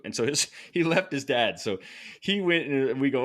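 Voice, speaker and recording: A man telling a story casually as a podcast guest, animated and excited, laughing and restarting sentences. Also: medium pitch, quick pace.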